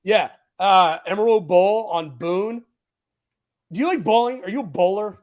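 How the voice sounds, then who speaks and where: A young man with a high, light voice, chatting casually as a podcast host. He is laid-back and jokey, dropping "bro" and "like" through his talk. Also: a little slow, a little mellow. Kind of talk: casual chat.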